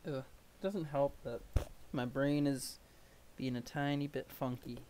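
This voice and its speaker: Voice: mid-range voice, fairly even intonation, unhurried, dark tone, a little hiss or hum. A streamer chatting casually and rambling while reading through a webcomic on a live stream. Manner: rambling, self-deprecating, chatty.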